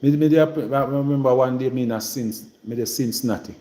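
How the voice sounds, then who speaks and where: A man's voice: medium pitch, brisk, warm tone, echoey room. A man from Jamaica with a Trelawny patois accent, chatting casually to viewers on his livestream and drifting between patois and English. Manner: rambling, mixes patois and English. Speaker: livestream host.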